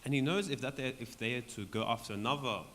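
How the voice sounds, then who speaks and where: A man leading a Bible study for a group in a church hall, talking conversationally and often checking in with "right?", his voice going hoarse. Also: mid-range voice, fast, a bit bright. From Australia. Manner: conversational, keeps asking "right?". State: voice going hoarse, clearing throat. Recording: long hall reverb, faint background noise.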